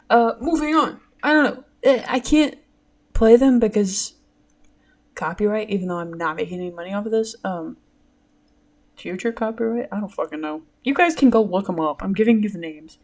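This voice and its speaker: A woman's voice: medium pitch, normal speed. A nineteen-year-old woman hosting her own podcast, chatting casually, rambling with frequent giggles and casual swearing. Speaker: podcast host. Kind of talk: casual solo podcast chat.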